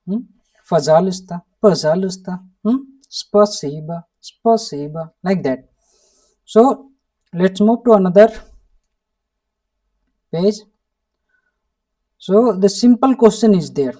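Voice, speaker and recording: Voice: medium pitch, animated, slow, long pauses, dark tone, distant mic. A language teacher from India with an Indian English accent, giving an online lesson, repeating each word again and again and prompting with a questioning "hmm?".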